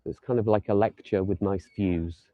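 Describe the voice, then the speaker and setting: A man's voice: fairly low pitch, steady tone, normal speed, no room sound, phone-quality sound. A man giving a live walking tour outdoors, chatting and joking lightly as he strolls the streets. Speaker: tour guide.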